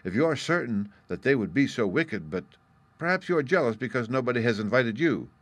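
A man's voice: medium pitch, expressive, fairly quick, no echo, voice pushed up, natural voice. A man voicing a proud, self-important bear in a storybook reading, speaking carelessly. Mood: vain, offhand. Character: proud, vain male bear.

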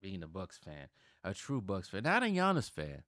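A man's voice: sits low, huge pitch swings, moderate pace, no room sound, studio quality. A man in his thirties from Milwaukee hosting a sports channel, giving opinionated commentary that turns heated and emphatic when he rants. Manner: heated, gets loud and emphatic when ranting.

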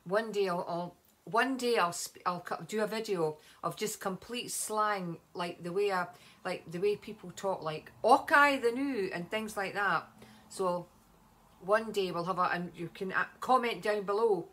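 A Scottish woman talks through her routine in a relaxed home vlog. She rambles cheerfully, full of ums and little asides. Her voice is picked up by a camera set nearby in her home. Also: medium pitch, moderate pace. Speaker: vlogger. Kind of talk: casual beauty vlog.

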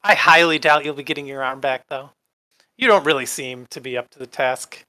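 A man's voice: medium pitch, fairly quick, pushed and bright, no room sound, close to an everyday voice. A man voicing a sneering, bored spectre in a tabletop role-play, drawling and contemptuous. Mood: dismissive.

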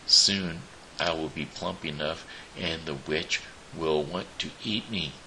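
A man voicing a frightened little boy in a storybook, speaking low and fearfully. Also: fairly even intonation, takes it slowly, sharp tone, slight background noise, full character voice, rough recording. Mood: scared. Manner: whispering in fear.

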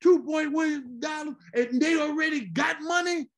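Man putting on a fretful older Southern dad, high-pitched, folksy and pleading. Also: moderate pace, a bit bright. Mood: scolding. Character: older Southern father, quiet brick mason, alarmed.

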